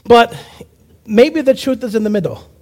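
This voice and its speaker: Brief: man with a very high voice, preacher giving a lively testimony, acts out the voices in his story. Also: moderate pace. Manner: animated storyteller who acts out quoted voices. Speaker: preacher and evangelist. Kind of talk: personal testimony sermon.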